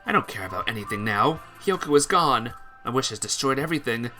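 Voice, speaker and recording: A man's voice: mid-range voice, lively intonation, brisk, sharp tone, faint music behind. A man voicing a despairing young bird who speaks in bleak, hopeless tones.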